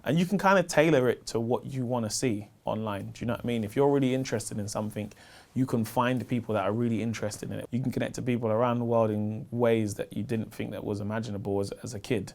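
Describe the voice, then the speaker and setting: A man in his thirties with a South London accent, a stand-up comedian chatting casually in an interview, slangy and animated as he tells stories. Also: fast. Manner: animated, slangy storytelling, gets loud and high when excited.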